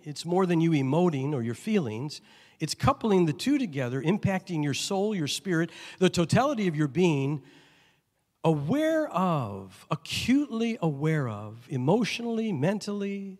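A middle-aged man from Chicago, a pastor preaching a sermon and telling stories with acted-out dialogue, swinging between loud and hushed delivery. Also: fairly high pitch. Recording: long reverb of a large hall.

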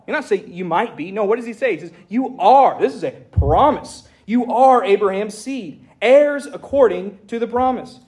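A man preaching a sermon as pastor, reading scripture aloud in an animated way with folksy asides. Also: high-pitched, moderate pace.

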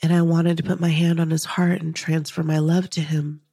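A woman podcast host telling an emotional personal story in an earnest, intimate way, dropping into soft whispers now and then. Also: deep voice, flat delivery, moderate pace, slightly rough, dry recording, studio quality. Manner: earnest, intimate, slips into soft whispers when quoting herself. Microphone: podcast microphone.

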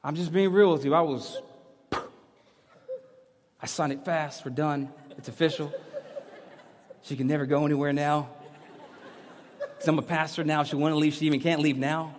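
A man in his thirties preaching a sermon as pastor, telling a personal story with candor, moving between loud emphatic lines and hushed ones. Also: fairly high pitch, steady tone, moderate pace, long pauses, background noise. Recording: long reverb of a big hall.

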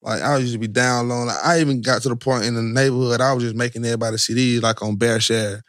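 A man's voice: medium pitch, fairly even intonation, quick pace, a bit bright, no echo. A man with an Atlanta accent, a guest rapper telling laid-back, slangy stories in a podcast studio. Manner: laid-back, slangy, repeats "you feel me". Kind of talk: casual storytelling. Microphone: studio mic.

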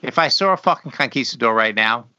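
Swearing, rambling man with a bright voice. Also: medium pitch, animated, fast talker. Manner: profane, rambling, trails off and restarts. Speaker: podcast co-host. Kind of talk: casual chat. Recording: slightly dull lo-fi sound.

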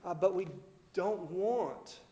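A man preaching a casual sermon in a relaxed way, with fillers, restarts and light laughs. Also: sits high, slow, reverberant, muffled recording. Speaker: pastor.

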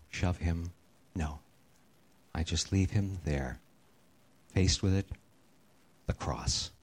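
A middle-aged pastor delivers a sermon in a fairly low voice. He tells his story earnestly and lets it sink to a hushed, unhurried tone when the subject turns serious. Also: husky.

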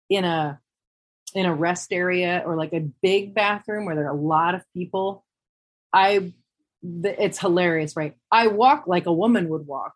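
A woman with a lower, slightly husky voice speaks on a podcast panel. She talks in a candid, reflective way and works through her ideas aloud. She often pauses and restarts her sentences. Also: rough recording. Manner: thoughtful and candid, pausing and restarting mid-thought.

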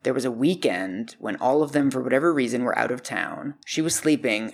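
Male podcast co-host, middle-pitched, animated casual storyteller. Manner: animated anecdote-telling, acting out quoted voices.

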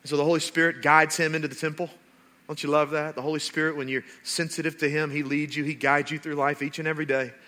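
A male pastor delivering a sermon with a bright, forward voice that sits a little high for a man. He tells stories with animated, building emphasis and talks straight to the congregation. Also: fast talker. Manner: animated storytelling with rising emphasis.

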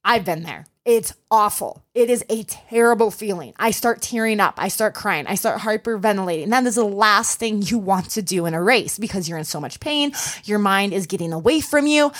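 A woman's voice: medium pitch, animated, moderate pace. A young adult woman hosting a solo podcast as a running coach, telling a race story and giving earnest, encouraging advice. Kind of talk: casual solo podcast talk.

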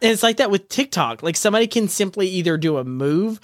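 A podcast host spins animated stories and jokes in casual chat, full of quick asides. The voice sits in a middle pitch range and sounds dry and close. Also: no room sound.

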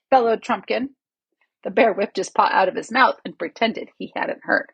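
A woman reading a children's novel aloud in steady, expressive storybook narration. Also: medium pitch, brisk, vocal fry, slightly rough, no room sound, low-quality recording. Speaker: audiobook reader.

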